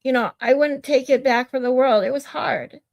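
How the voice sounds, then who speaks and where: A middle-aged woman with a slightly high voice talks casually to her livestream audience. She rambles, drifts into side stories and reads out viewer comments. She laughs easily. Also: fairly even intonation, moderate pace, creaky, highs cut off. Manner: laughs often. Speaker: livestream host.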